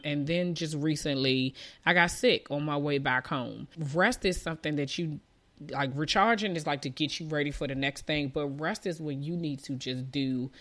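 A woman's voice: sits low, a bit bright. A woman in her thirties chats casually to her viewers from outside, wind blowing behind her. She rambles, restarting her sentences and leaning on "like". Her voice is still recovering from being lost. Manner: chatty and rambling, many likes and restarts. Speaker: vlogger. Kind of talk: casual chat to camera. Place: outdoors in the wind. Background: wind noise.

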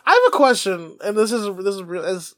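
High-voiced, excitable male podcaster. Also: fairly quick, dry recording. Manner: excitable, laughing, swears often. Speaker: podcast co-host. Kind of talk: casual comedic chat.

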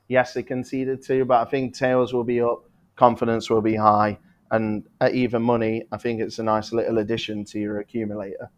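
A man co-hosting a betting podcast, giving football tips in a relaxed, rambling way and correcting himself as he goes. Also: mid-range voice. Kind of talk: casual betting tips chat.

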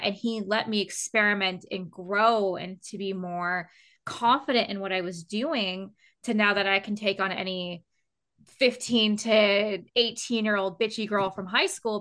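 A woman's voice: mid-range voice, fairly even intonation, measured pace, a bit bright. A woman in her late twenties with a Canadian accent and a youthful, girlish voice, chatting casually as a voice actor and saying "like" a lot. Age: late 20s. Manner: chatty, lots of "like". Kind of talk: casual roundtable chat.

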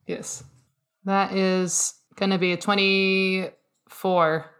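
A woman's voice: medium pitch, little pitch movement, drawn-out words, fairly bright tone, clean tone. A woman playing a tabletop game, casual and joking, full of fillers. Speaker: player.

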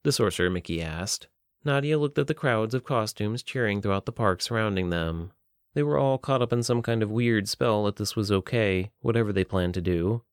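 Clear-voiced male audiobook narrator. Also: lowish voice, moderate pace, dry recording, clean studio sound.

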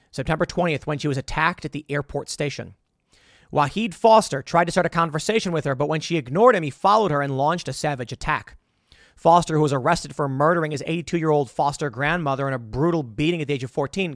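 A man's voice: a little high, a bit bright, no room sound, studio quality. A man giving a sarcastic, exasperated political commentary monologue.

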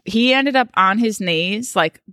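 Animated woman telling stories. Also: mid-range voice, a little slow, dry recording, studio quality. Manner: animated storyteller, chatty. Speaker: podcast co-host. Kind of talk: casual chat.

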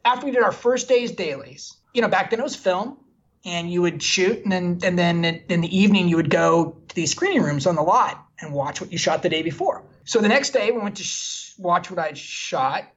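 Guest, male film director, husky voice, candid self-deprecating anecdotes, dull lo-fi recording. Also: high voice, a little fast, fairly bright tone. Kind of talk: animated anecdotal storytelling.

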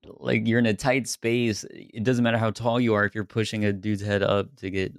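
A man co-hosting a casual movie review podcast, easygoing and quick to laugh. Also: fairly low pitch, flat delivery, no room sound, clean studio sound. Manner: laughs often, easygoing, trails off quietly. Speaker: podcast co-host.

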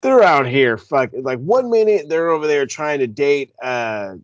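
A man co-hosting a podcast, ranting in a rambling, profane, animated way. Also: on the high side, measured pace, no room sound. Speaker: podcast co-host. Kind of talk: casual chat. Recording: dull lo-fi recording, dry.

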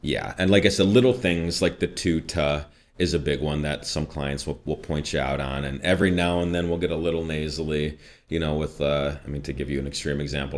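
Deep-voiced Midwestern man in his 30s, voice coach type, lively anecdotal chat. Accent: slight Midwestern. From US Midwest, Chicago northwest suburbs. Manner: animated storyteller, jumps high for quoted voices, laughs often. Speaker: voice actor and coach. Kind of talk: casual interview chat.

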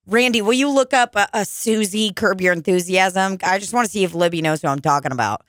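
A woman's voice: medium pitch, a little fast, dry recording, studio quality. A young woman hosting a podcast, chatting casually, swearing often and laughing as she rambles through stories. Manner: profane, laughing, rambling storyteller. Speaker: podcast host.

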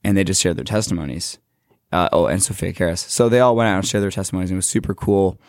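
A young man who works in children's ministry, casually recapping a trip on a talk show in a relaxed, filler-heavy way. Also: sits low, fast talker, no echo, clean studio sound.

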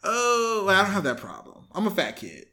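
A man's voice: high-pitched, huge pitch swings, moderate pace, pushed and bright. A young man hosting a podcast in casual chat, swearing and laughing often as he acts out voices of people he talks about. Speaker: podcast host. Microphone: headphones on, podcast mic.

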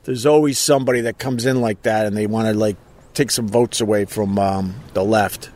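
A man's voice: on the low side, fairly even intonation, normal speed, a little mellow. A man hosting a casual outdoor live stream, rambling and joking while reading out viewer comments. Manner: rambling, jokey, reads viewer comments aloud. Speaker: podcast host.

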